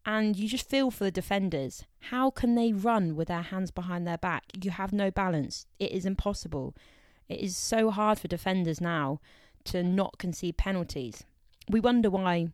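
A woman's voice: medium pitch, moderate pace, darkish tone, no echo, clean studio sound. A young woman, co-hosting a podcast in a chatty, playful way and laughing between remarks. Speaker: podcast co-host. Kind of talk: casual podcast chat about football.

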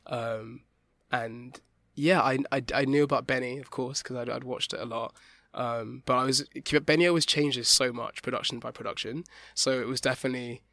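A young man chatting freely as a guest, his voice edged with gravelly fry. He trails off and restarts a lot, laughing in between, and sounds close and dry with no room around him. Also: medium pitch, fairly even intonation, normal speed, fairly bright tone, no echo. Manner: rambling, with many restarts and laughs. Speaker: interview guest, stage actor. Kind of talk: casual conversational interview.

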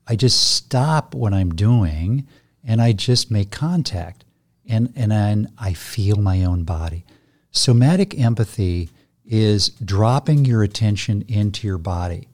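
Gentle low-voiced older man explaining. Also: lively intonation, slow pace. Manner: gentle, reflective, restarts phrases. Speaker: guest, somatic therapist. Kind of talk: conversational interview.

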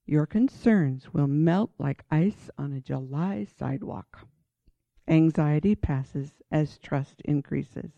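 A woman's voice: sits low, takes it slowly, creaky, dark tone, no echo. A woman teaching from the Bible in a sermon style, reading passages aloud and urging listeners on with earnest emphasis. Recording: dull lo-fi dry recording.

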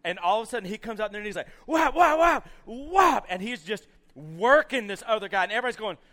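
Man, young, camp speaker; bright, slightly high voice, lively storyteller who acts everything out. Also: racing. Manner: animated storyteller acting out scenes, many "you know" fillers. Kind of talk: storytelling sermon to youth.

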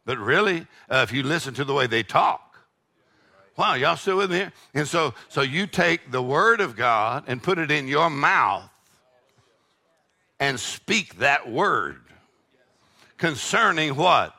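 Gravelly older preacher. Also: male voice, on the high side, expressive, slow, long pauses. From Texas. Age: 60s. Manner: preachy call-and-response with shouted peaks and laughing asides. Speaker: pastor. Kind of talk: sermon.

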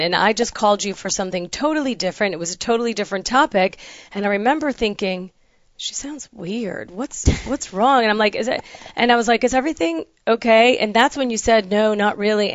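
A woman hosting a casual conversation, telling a story with lively quoted dialogue. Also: mid-range voice, fast talker, no room sound, muffled recording.

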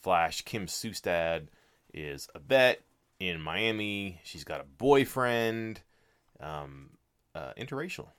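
A man's voice: deep voice, animated, slow, fairly bright tone, smooth. A man co-hosting a podcast, recapping a movie in easygoing casual chat with dry wisecracks. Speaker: podcast co-host.

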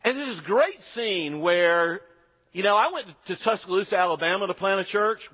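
A man's voice: sits high, animated, moderate pace, sharp tone. A middle-aged man preaching a sermon, emphatic, repeating key phrases, with dry humor. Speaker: pastor. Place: church sanctuary. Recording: dull sound with long church reverb.

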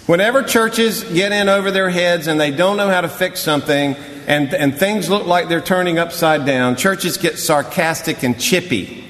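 A man's voice: high voice, normal speed, fairly bright tone. Wry preacher man in an echoing church. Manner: conversational, wry storytelling preaching. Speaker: pastor. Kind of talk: sermon. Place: church sanctuary.

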